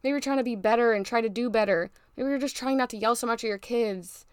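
A woman's voice: a little high, quick pace, clean tone, dry recording, clean studio sound. A young woman hosting a faith-based motivational podcast, talking in an emphatic, preachy, fired-up way to her listeners. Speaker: podcast host.

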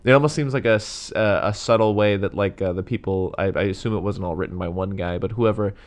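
Low-ish voiced guy on a movie podcast, rambly, says like a lot. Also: fast talker. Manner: loose and rambling, lots of "like" and "yeah". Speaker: podcast co-host. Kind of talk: casual movie review chat.

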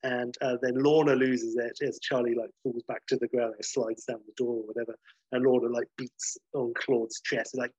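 A man's voice: medium pitch, level tone, moderate pace, a little mellow, slightly rough, no room sound, lo-fi sound. A man casually recounting a story in a rambling, sweary way, with many fillers and restarts.

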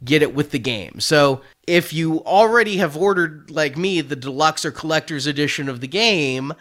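A man's voice: a little high, lively intonation, moderate pace, a bit bright. A man hosting a casual chat about toy figures, chatty and joking, laughing often. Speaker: toy collecting podcast host.

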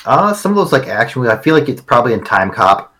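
A man co-hosting a livestream, laid-back and halting, with many fillers. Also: mid-range voice, big pitch swings, a bit bright, poor audio. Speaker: livestream co-host. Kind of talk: casual crude banter.

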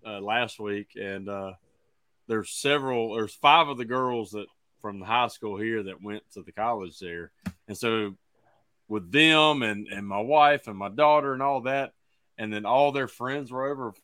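A man's voice: lowish voice, unhurried, pushed and bright, clear, resonant tone, no echo. A middle-aged man hosting a podcast, talking in a chatty, easygoing way and laughing easily. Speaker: podcast host. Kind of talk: casual podcast chat.

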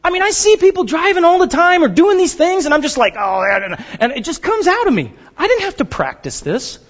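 A man preaching a sermon as pastor, animated and joking, sometimes acting out the voices of the people he quotes. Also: extremely high pitch, a little fast, in a large hall, dull audio.

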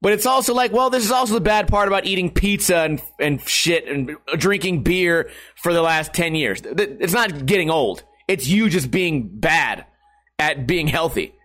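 Guy in his 30s vlogging, kinda high voice, cusses a ton and laughs at himself. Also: lively intonation, moderate pace, a bit bright. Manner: crude, swearing, laughing at himself, self-deprecating. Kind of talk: casual rambling vlog.

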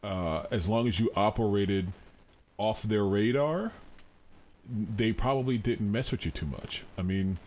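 Male podcast co-host, lower pitch, enthusiastic lore buff, casual chat. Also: unhurried. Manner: eager lore buff, stammers when excited.

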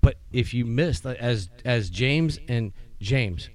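A man co-hosting a podcast on a porch, chatting casually and telling stories in a rambling, excitable way. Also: mid-range voice, takes it slowly. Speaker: podcast co-host. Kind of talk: casual chat.

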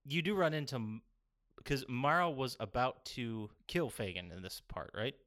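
A man's voice: medium pitch, normal speed, a bit bright. A man talks loosely through a video game's story on a casual podcast, drifting between thoughts. He swears casually and breaks into laughter often. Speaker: podcast co-host. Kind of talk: casual chat reviewing a video game.

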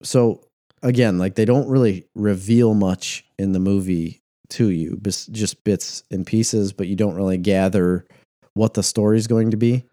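Low, mellow-voiced American man chatting. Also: steady tone, a little slow, dry recording, clean studio sound. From United States. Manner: rambling, teasing, laughs a lot. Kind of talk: casual chat.

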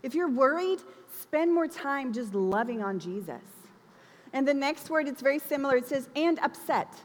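A woman's voice: high-pitched, animated, normal speed. A woman giving a conversational, emphatic sermon, acting out the quoted lines as she preaches. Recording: long reverb of a large hall.

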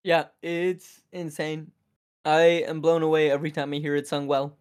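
A man's voice: on the high side, normal speed, clean tone. A man chatting casually as a podcast guest, joking and laughing easily. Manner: animated, jokey, laughs often. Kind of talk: casual chat.

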